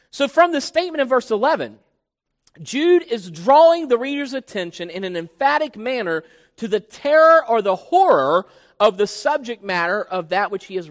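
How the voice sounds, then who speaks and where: A man preaching an expository sermon in a church, emphatic and teacherly, putting questions to the congregation. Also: high voice. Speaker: pastor. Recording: long hall reverb.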